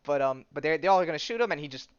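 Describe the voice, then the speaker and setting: A man's voice: a little high, animated, very fast, smooth, dry recording. A man hosting a podcast, casually recapping a comic in a rambling way and laughing at his own jokes. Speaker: podcast host. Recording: dull lo-fi sound.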